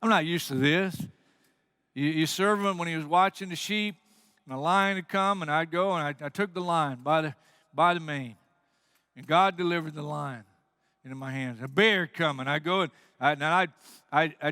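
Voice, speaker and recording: A man's voice: on the high side, normal speed, clean tone, dry recording, clean studio sound. A man preaching a sermon as pastor, telling stories with energy and acting out the quoted lines. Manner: animated storytelling, acts out quotes.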